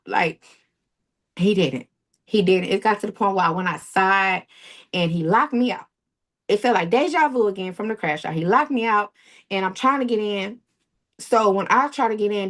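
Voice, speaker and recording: A young woman, an interview guest recounting a personal ordeal in a tumbling, repetitive way. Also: mid-range voice. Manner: tumbling storytelling, quotes others in voices, repeats and restarts. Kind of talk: emotional personal account.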